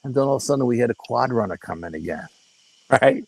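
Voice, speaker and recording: A man's voice: medium pitch, fast, vocal fry, husky, no echo, poor audio. An older man, a guest in an interview, telling a story casually with profanity and acting out the dialogue. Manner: animated, profane, acts out quoted dialogue. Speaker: guest paranormal investigator.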